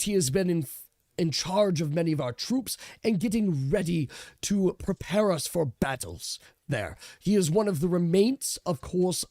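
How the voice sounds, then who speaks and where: A man's voice: a little high, vocal fry, dark tone, dry recording, clean studio sound. A man narrating a tabletop role-playing game as game master.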